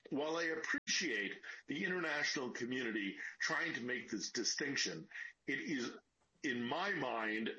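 A man's voice: mid-range voice, bright, forceful tone. A man, a war correspondent, speaking by phone in an earnest, explanatory way, tired from lack of sleep. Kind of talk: phone interview. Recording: dull lo-fi phone line.

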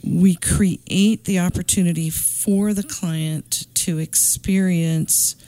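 A woman coach explaining her healing practice slowly and calmly. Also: fairly low pitch, no room sound, rough recording. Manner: slow, calm, soothing explanations. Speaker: shamanic soul coach.

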